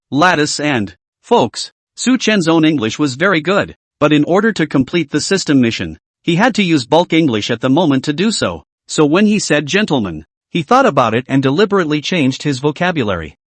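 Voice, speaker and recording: Lively male recap narrator, dry close sound. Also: on the high side, no echo. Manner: lively, reads out laughter as words. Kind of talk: scripted story narration.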